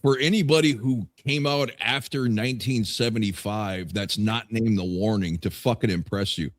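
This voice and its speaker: A man's voice: fairly low pitch, moderate pace. A man hosting a music reaction show, teasing his co-hosts and swearing in casual banter. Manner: teasing, profane, lively.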